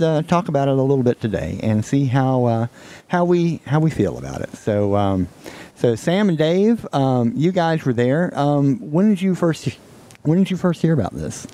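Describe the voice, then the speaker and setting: A man hosting a casual podcast chat, talking haltingly with many fillers and restarts. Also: mid-range voice, dark tone. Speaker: podcast host.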